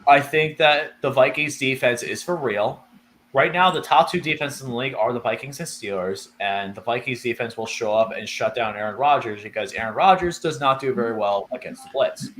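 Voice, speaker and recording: Dude going over football picks, rambly, kinda faint hiss behind him. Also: male voice, medium pitch, brisk, fairly bright tone. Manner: rambling, self-correcting, laughs easily. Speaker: co-host. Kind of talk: casual sports picks chat.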